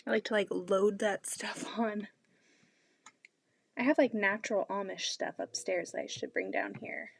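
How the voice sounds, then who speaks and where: A woman's voice: mid-range voice, fairly even intonation, normal speed, vocal fry, husky. A woman hosting a casual quilting live stream, chatting with viewers in her home sewing room, often using "like" as a filler.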